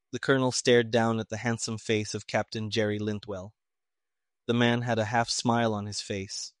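A man narrating an audiobook in a steady, even storytelling manner. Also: lowish voice, normal speed, clear, resonant tone, dry recording, studio quality.

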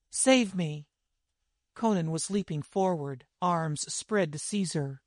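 A man narrating a dramatic fantasy story in a vivid, measured reading. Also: on the high side, no room sound, studio quality. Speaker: audiobook narrator.

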